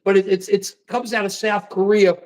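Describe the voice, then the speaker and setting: A man's voice: high voice, little pitch movement, moderate pace, darkish tone. A man from the United States hosting a casual political livestream, rambling and repeating himself with folksy slang. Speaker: livestream host.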